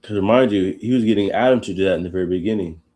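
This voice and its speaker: A man hosting a live Bible study, reading scripture slowly and breaking off into casual, animated asides. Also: fairly low pitch. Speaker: host.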